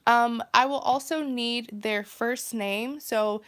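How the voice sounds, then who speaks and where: A woman's voice: fairly high pitch, slow pace, fairly bright tone. Chatty nasal woman tarot streamer. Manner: chatty, many fillers, laughs often. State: congested from travel. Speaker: tarot reader hosting a live stream. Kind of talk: casual live-stream chat.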